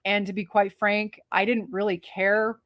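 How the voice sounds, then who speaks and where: A woman co-hosting a movie review show, talking in a chatty, rambling way with quick asides and restarts. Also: medium pitch, flat delivery, fairly bright tone, no echo, studio quality. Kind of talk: casual movie review chat.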